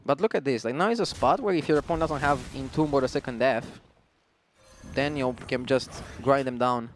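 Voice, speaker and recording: A man with an Eastern European accent doing relaxed, chatty commentary on a card game match. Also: mid-range voice, brisk, a little hiss or hum. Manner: relaxed, chatty, laughs often. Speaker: esports caster.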